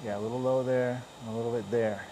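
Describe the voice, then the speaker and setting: A man's voice: medium pitch, steady tone, fast, background noise. A man chatting and joking as he repairs a car dent, grumbling under his breath now and then. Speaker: paintless dent repair technician. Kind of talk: casual running commentary while working.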